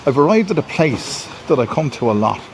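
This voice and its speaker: A man's voice: on the high side, very animated, a little fast, slight background noise. Rambling man vlogging from the street. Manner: rambling, repeats himself, self-satisfied. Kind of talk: walking vlog monologue. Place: outdoors in a city street and car.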